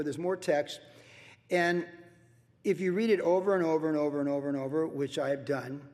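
A man's voice: on the high side, a little mellow, in a large hall. A male pastor teaching a verse-by-verse sermon in a loose, conversational way, repeating himself for emphasis. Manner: conversational, repetitive, acts out worried voices.

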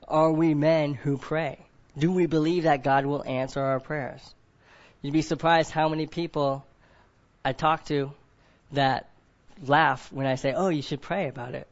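Man, preacher, sermon, slightly high voice, muffled lo-fi recording, questions to listeners. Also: level tone, measured pace. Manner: asks the group questions, often adds "right?"; acts out others in quoted voices. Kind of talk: sermon to a men's group.

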